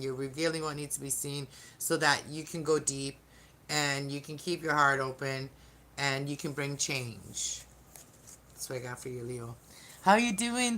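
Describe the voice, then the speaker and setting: A woman's voice: low voice, sharp tone, a little hiss or hum. A woman giving a casual live-streamed tarot reading, chatting to viewers and often restarting her sentences. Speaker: tarot reader.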